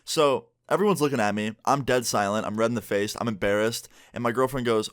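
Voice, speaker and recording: A young man rattling off a storytime at a fast clip, animated and casual. His voice is dry and close to the mic, with no room sound. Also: mid-range voice, no room sound. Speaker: vlogger.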